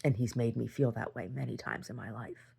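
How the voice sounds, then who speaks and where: A woman recording a personal video diary, telling a story in a rambling way and rising in pitch as she relives a fight. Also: fairly quick, vocal fry, warm tone, slightly rough. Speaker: video diarist.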